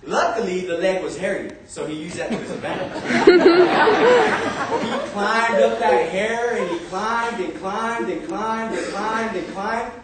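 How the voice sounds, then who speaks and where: A young man telling a comic story to a live audience, animated and often laughing. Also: high-pitched, measured pace, some chatter behind, a little hiss or hum. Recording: echoey room, far from mic, audience.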